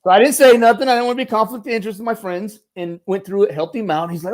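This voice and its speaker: Man telling rambling stories, slightly high voice. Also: rapid-fire, hardly any pauses. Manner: rambling, lively, acts out quoted voices. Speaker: guest, former Marine turned stuntman and military advisor. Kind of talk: casual storytelling in an interview.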